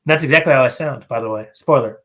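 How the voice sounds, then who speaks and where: A man's voice: mid-range voice, fast. A man co-hosting a podcast in casual chat, making crude, profane jokes and rambling with fillers. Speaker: podcast co-host.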